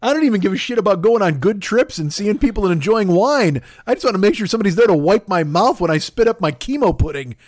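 A man's voice: high voice, expressive, fast, few pauses, dry recording. A man co-hosting a comedy podcast, rambling and self-deprecating, talking into a studio microphone. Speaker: podcast co-host.

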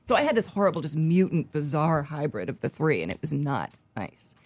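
A woman guest in casual chat, telling animated stories and laughing often. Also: low-pitched, fairly quick, dry recording.

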